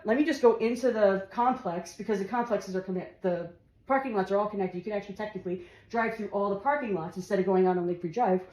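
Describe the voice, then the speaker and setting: A woman casually tells a comic story, laughing through her words and swearing here and there. Her voice is medium-pitched with a darkish tone, and the recording has a roomy echo with faint music.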